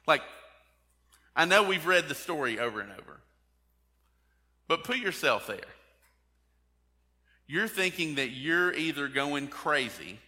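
A man's voice: fairly high pitch, very animated, a little slow, pauses often, bright, forceful tone, big-room sound. A man preaching a sermon as a pastor, talking in a conversational way and asking the congregation direct questions.

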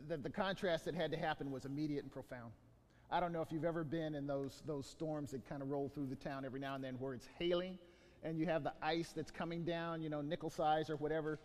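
High-voiced male pastor preaching in a hall. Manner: animated storytelling with many restarts. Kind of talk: sermon.

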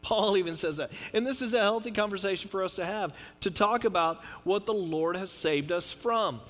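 Joking, high-voiced male pastor. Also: normal speed. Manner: conversational and joking, with wide swings in loudness. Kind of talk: sermon.

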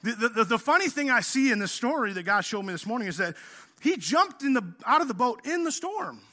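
A male pastor preaching a sermon in a casual, energetic way, acting out the story as he tells it. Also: very high voice, brisk. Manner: energetic, casual preaching, says "man" often; acts out the story.

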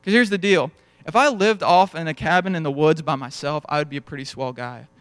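A man's voice: on the high side, brisk, a bit bright, no room sound. A young adult man preaching a sermon in a conversational storytelling way, acting out bits of dialogue as he goes. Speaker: pastor.

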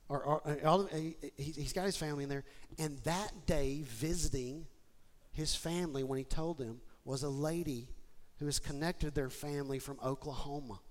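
A man preaching a sermon to his church, moving from quiet, personal talk to shouted, excited appeals. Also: on the high side. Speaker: pastor. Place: church sanctuary with congregation.

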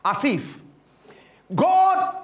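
A male preacher with a very high voice, telling a scripture story in an unhurried, dramatic way. His pitch leaps and dips widely, from loud bursts to near-whispers. The sound rings around an echoey room. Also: big pitch swings. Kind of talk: sermon.

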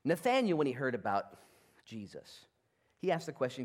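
A male pastor preaching a sermon in a church, conversational and animated, swinging between loud and hushed. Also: mid-range voice, normal speed. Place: church sanctuary.

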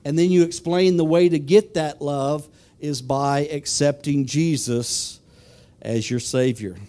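A man's voice: a little high, steady tone, a little slow, warm tone. A man preaching a sermon who asks the congregation questions and then tells a personal story.

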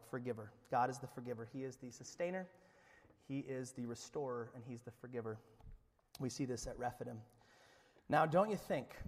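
A male pastor preaching a sermon, dropping to a hush and then rising loud as he acts out the voices of the story. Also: fairly high pitch, big-room sound. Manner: animated preaching, swings from hushed to loud, acts out biblical voices.

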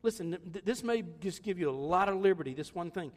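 High-voiced older pastor in a hall. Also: male voice, animated, fast talker. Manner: conversational, jokey, laughs often. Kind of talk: sermon.

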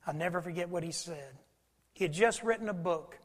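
High-voiced preacher in a hall. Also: male voice, a little fast. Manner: folksy storytelling, swings between loud and hushed. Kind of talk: sermon. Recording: long hall reverb.

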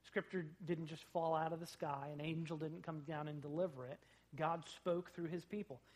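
A man preaching a sermon in a church, animated, rising loud on quoted lines and dropping low between them. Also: moderate pace. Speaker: pastor. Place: church sanctuary.

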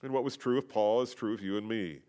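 A middle-aged man preaching a sermon as a pastor, explaining a letter verse by verse, rising for emphasis and dropping quiet. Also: on the low side, fast. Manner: expository preaching, rises in emphasis then drops quiet.

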